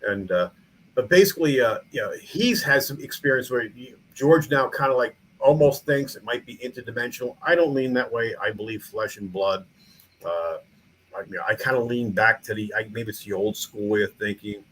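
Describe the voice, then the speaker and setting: Slight background noise and poor audio surround a mid-range voice at a moderate pace. The speaker, a middle-aged small-town mayor and museum founder, tells stories in an informal interview, rambling and animated, full of restarts and fillers.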